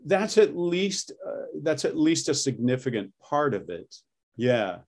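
A man's voice: fairly high pitch, big pitch swings, a little slow, a little mellow. A middle-aged man coaching accents in a casual interview. He explains patiently and slips into short demonstrations as he goes.

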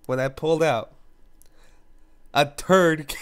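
A man with a cold talks in a fairly high, smooth and clear voice, his nose stuffed up and a cough breaking through now and then. He tells his story in a loose, rambling way as a casual commentator. He keeps dissolving into giggles between words. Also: a little slow, fairly bright tone. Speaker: YouTube gaming commentator.

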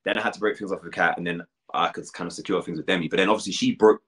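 Guest: young British man, very low voice, fast and candid chat. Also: steady tone, a bit bright. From United Kingdom. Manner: candid, quick, uses many fillers and restarts. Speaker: reality show contestant, guest. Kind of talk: casual interview chat.

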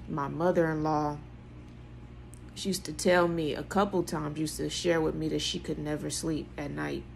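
A woman, giving an emphatic, preaching monologue that repeats phrases and swings between soft and loud. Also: low voice, vocal fry, slight background noise. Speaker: vlogger.

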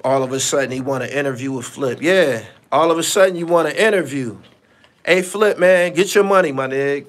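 A man with a slightly high voice talks fairly quickly while hosting a live stream. The podcast host's casual commentary is blunt and profane, with repetition for emphasis.

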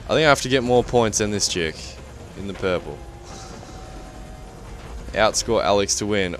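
A young Australian man commenting live on a game he is playing, excitable and swearing often. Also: lowish voice, normal speed, pauses often, faint music behind. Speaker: gaming commentator.

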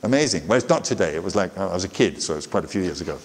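Lively southern English man lecturing. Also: deep voice, very fast, in a large hall. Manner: tags sentences with "yeah?", chatty. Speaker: guest lecturer. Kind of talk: lecture with audience questions.

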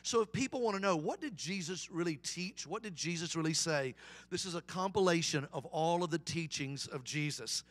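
A man's voice: a little high, normal speed. A middle-aged man, a guest evangelist, preaching a folksy, humorous sermon. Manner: folksy, animated storyteller with humor.

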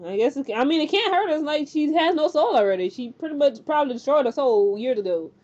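Woman rambling thru a tv recap, animated and chatty, kinda muffled lo-fi audio. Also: high-pitched, fast talker. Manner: animated, chatty, lots of fillers and acted-out quotes. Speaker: TV recap host. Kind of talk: casual spoken recap.

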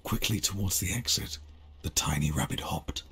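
An actor voicing an ominous male storybook narrator in a game, reading in a deep, breathy, whispery way. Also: normal speed, fairly bright tone, full character voice.

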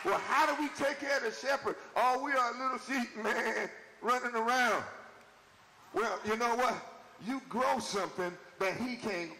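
High gravelly preacher man, live church. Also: normal speed, in a large hall. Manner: rising to shouted preaching cadence, repetitive and call-and-response. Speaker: bishop preaching. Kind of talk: live sermon. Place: church sanctuary with congregation. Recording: noisy live church recording.

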